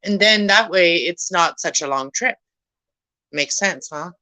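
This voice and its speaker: A woman's voice: on the low side, measured pace, bright, forceful tone, no echo, low-quality recording. A young woman casually chatting with her viewers while she cleans at home, rambling and laughing as she goes. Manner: rambling, talks to viewers by name, laughs often. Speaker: vlogger chatting with live viewers. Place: home room at night.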